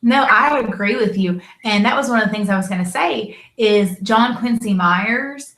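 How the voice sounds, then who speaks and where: Woman, rambling casual chat, fillers, mid-range pitch, roomy echo. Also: normal speed, fairly bright tone. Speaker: podcast co-host reviewing a TV episode. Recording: echoey room sound.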